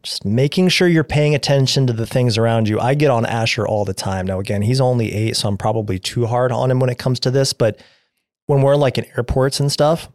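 A man co-hosting a podcast, talking in a relaxed, conversational way that is peppered with "like". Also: mid-range voice, a little fast, no echo, clean studio sound. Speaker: podcast co-host. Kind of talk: casual chat.

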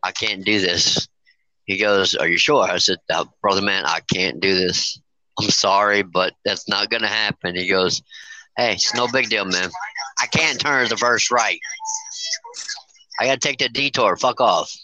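A man who drives trucks telling a story to the show in a profane, animated way and acting out the dialogue. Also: on the low side, normal speed, no echo, low-quality recording. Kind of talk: casual storytelling.

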